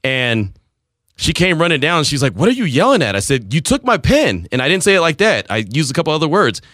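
A man's voice: a little high, sing-song, a little fast, fairly bright tone, no echo, clean studio sound. A man hosting a radio show, telling a rambling story in casual banter and laughing at himself.

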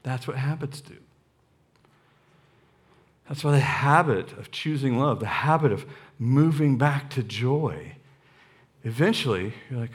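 A middle-aged man preaching a sermon as a guest speaker in a church, lively and joking, repeating lines for emphasis into a stage microphone. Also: medium pitch, a little slow, pauses often. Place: church sanctuary.

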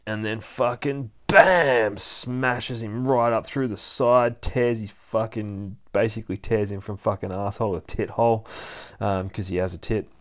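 A man with a low, heavy voice talks through a comic book issue panel by panel. He swears constantly, gets excited by the action and breaks into laughter often. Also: normal speed. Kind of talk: casual comic book recap.

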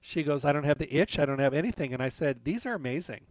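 A man's voice: fairly high pitch, lively intonation, quick pace, no room sound. A man in casual anecdotal chat, talking about health and retelling conversations line by line in a chatty storytelling way. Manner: chatty, storytelling with retold dialogue. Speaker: health talk speaker. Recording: dry, slightly dull lo-fi sound.

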